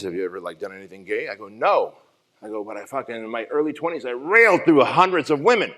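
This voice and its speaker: Armenian-born guy in his 40s doing a motivational summit talk, raw and emotional, swears a lot. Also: mid-range voice. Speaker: summit speaker. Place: conference stage.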